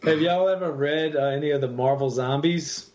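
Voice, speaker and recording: A man on a casual podcast, with a fairly high voice. He tells stories with energy and jumps into character voices along the way. The audio is dull and lo-fi. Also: normal speed. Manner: animated storyteller who acts out character voices. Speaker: podcast co-host. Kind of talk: casual chat.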